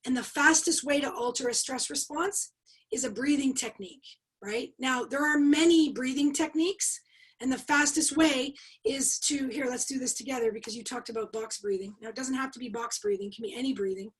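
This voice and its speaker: Middle-aged female coach, high voice with a husky edge, emphatic webinar teacher. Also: a little fast, rough recording. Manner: animated, emphatic teacher with rhetorical questions. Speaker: leadership coach and trainer. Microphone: video call.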